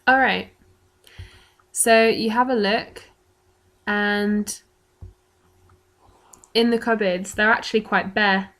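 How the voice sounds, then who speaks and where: A woman running a tabletop game as dungeon master, setting scenes in an unhurried, descriptive way. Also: mid-range voice, steady tone, fairly bright tone.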